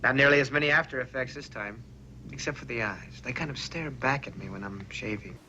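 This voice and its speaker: A man's voice: mid-range voice, fairly quick, pushed and bright, slightly rough. An actor playing a male starship officer who turns cold and defiant, in 1960s TV drama acting. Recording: dull old TV audio with score.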